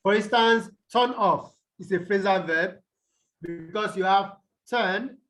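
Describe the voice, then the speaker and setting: High-voiced male tutor on a video call. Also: takes it slowly, a bit bright, rough recording. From Nigeria. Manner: checks in often with "okay?" and "the what?". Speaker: English tutor. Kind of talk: online tutorial on stress rules.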